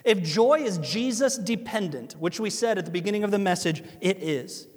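A man with an Ohio accent, preaching a sermon as pastor, animated and conversational with asides to listeners. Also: sits high, moderate pace. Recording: long hall reverb.

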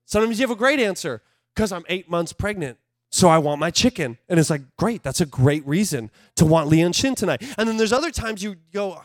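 High-voiced animated male pastor preaching. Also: a little fast, no echo, studio quality. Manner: animated, conversational, swings from loud to hushed. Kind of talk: sermon.

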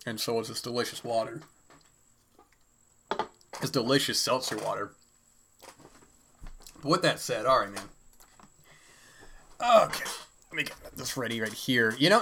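A man's voice: mid-range voice, a bit bright. A man hosting a solo podcast, talking casually and rambling with many fillers, his throat a little dry. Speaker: podcast host.

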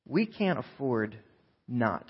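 A man's voice: mid-range voice, very animated, takes it slowly, breathy edge, highs cut off. A man preaching a sermon, telling a story with quoted voices and asides to the congregation. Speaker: pastor.

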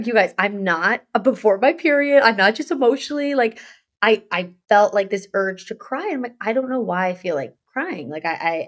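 A woman co-hosting a casual podcast chat in a voice of middling pitch. She rambles through her story with many restarts and "like" fillers. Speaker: podcast co-host.

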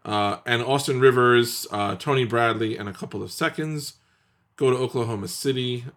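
A man's voice: medium pitch, normal speed, fairly bright tone. A man hosting a casual sports podcast, talking in sardonic, emphatic runs. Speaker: podcast host.

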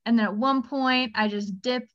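A young woman talks as a guest on a video call, spinning animated stories and slipping into playful voices. Her voice sits fairly high. The audio comes through dull and lo-fi. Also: moderate pace. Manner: animated storyteller, acts out kids' voices with laughs. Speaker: guest, speech therapy clinician. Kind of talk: casual chat.

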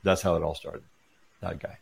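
A man's voice: low-pitched, normal speed, creaky, husky. A middle-aged man, an interview guest, telling a personal story in casual chat and acting out the dialogue as he goes. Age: 40s or 50s. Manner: animated retelling with quoted dialogue.

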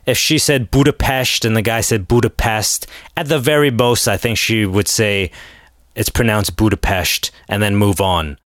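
A man hosting a podcast alone, rambling in a casual rant with sarcasm and sudden animated outbursts. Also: lowish voice, moderate pace, no room sound, clean studio sound. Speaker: podcast host.

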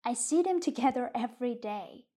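A woman's voice: a little high, expressive, moderate pace, mellow, close to an everyday voice. A woman voicing Carl, a farm boy who taunts the others, in an audiobook reading. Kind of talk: audiobook reading of a short story.

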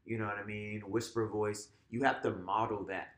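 A man, a teacher co-hosting a podcast, talking in a relaxed way full of "like" and "you know," sometimes acting out what he says in class. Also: fairly low pitch, moderate pace, echoey room. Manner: relaxed, filler-heavy, acts out classroom voices. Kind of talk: casual conversational chat.

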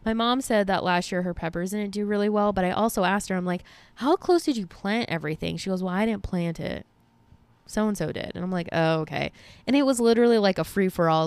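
A woman's voice: fairly low pitch, moderate pace, smooth, dry recording. A young woman hosting a podcast, telling a story in casual chat with lots of fillers and casual swearing. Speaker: podcast host.

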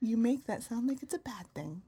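Loud american lady cohosting, husky voice, bit high. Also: expressive, brisk. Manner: loud and playful. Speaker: podcast host. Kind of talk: casual co-host banter.

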